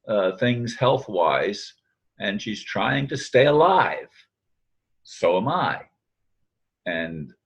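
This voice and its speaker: A man's voice: fairly low pitch, breathy edge. An older man musing aloud in a daily video monologue, quoting friends and often correcting himself. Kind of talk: reflective spoken monologue.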